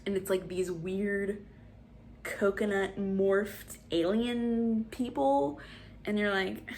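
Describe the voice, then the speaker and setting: A woman in her twenties talks through a casual movie review, slow and drawn out, with animated, exasperated rants. Faint room ambience sits quietly behind her voice. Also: medium pitch, slight background noise. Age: 20s. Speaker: vlogger.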